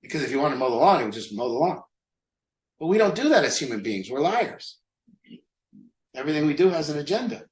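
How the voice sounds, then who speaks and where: A man's voice: on the high side, big pitch swings, fast talker, long pauses, roomy sound, rough recording. A man leading a recovery group, talking candidly and mocking himself, asking rhetorical questions. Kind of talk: group talk on a call.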